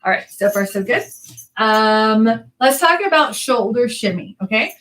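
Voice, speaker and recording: A woman's voice: a little high, animated, a little slow, fairly bright tone, roomy sound, far from the mic, faint music behind, poor audio. A woman teaching a belly dance class, counting the moves aloud with chatty asides. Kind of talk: online dance class instruction.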